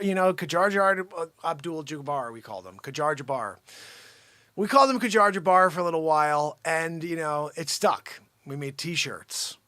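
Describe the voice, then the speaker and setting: Animated high-voiced male comic host. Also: no room sound. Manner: animated, jokey, breaks into shouting. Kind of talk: comedic livestream news riffing.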